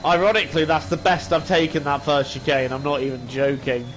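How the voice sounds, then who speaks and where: This man's voice sits on the high side, steady, fairly quick and a bit bright, with a little hiss or hum in the audio. He hosts a gaming channel and talks to himself over faint game music while racing, criticizing himself and venting in exasperation.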